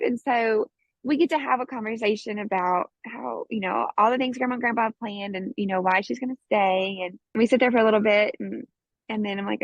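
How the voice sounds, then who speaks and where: A woman's voice: on the high side, quick pace, creaky, dry recording. A woman in her thirties, a guest on a parenting show, telling a family story and acting out the voices of her child and herself. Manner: lively storyteller who acts out her child's and her own lines. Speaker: guest, course student. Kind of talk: casual storytelling in an interview. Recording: dull, dry close recording.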